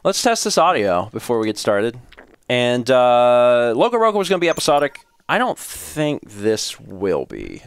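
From his home streaming setup, a man hosting a game stream thinks aloud and laughs often while getting things ready. His mid-range voice is gravelly yet smooth, swinging hugely in pitch at a moderate pace, and the recording is dry.

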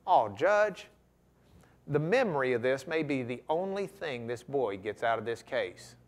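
A man's voice: mid-range voice, very animated, a little slow. A man putting on the voice of a folksy, sly small-town lawyer who pleads in a drawling Texan accent. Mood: pleading. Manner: drawling, ingratiating.

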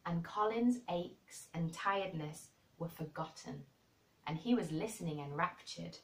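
A woman reading a classic children's novel aloud in an expressive storybook manner. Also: on the low side, unhurried. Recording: roomy and distant.

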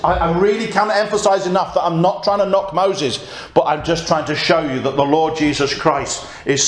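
A man preaching a conversational sermon and reading scripture aloud. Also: fairly high pitch. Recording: echoey church room.

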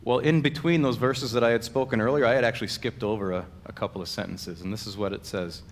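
A man's voice: fairly low pitch, steady tone. Man preaching in a reverberant church. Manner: earnest preaching, slows and stresses quoted scripture. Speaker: pastor. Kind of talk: sermon. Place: church sanctuary.

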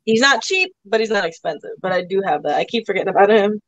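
A woman's voice: medium pitch, animated, fast talker, dry recording, muffled recording. A woman hosting a live online sale in casual chat, laughing often as she talks. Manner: giggly, laughs often while talking.

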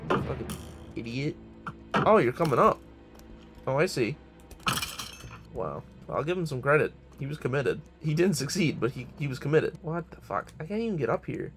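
A young man giving casual, profane, joking commentary on his own game, talking to himself as he plays. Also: medium pitch. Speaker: gamer.

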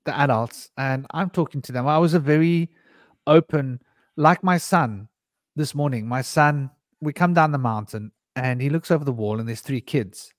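A man's voice: medium pitch, normal speed, no room sound, clean studio sound. A man hosting a candid conversation, telling long rambling personal stories full of asides and restarts. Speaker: podcast host.

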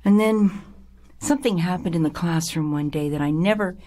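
A woman's voice: fairly low pitch, normal speed. An older woman telling her own life story with feeling, now and then dropping to a whisper for weight. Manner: emotional, dramatic, drops to a hushed whisper. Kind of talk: personal life story told to an audience.

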